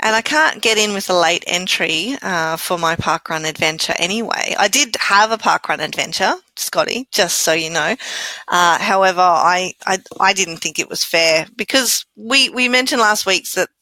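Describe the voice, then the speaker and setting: A woman's voice: on the low side, bright, forceful tone, dry recording, poor audio. A woman with an Irish accent co-hosting a podcast in teasing, easygoing chat. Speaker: podcast co-host.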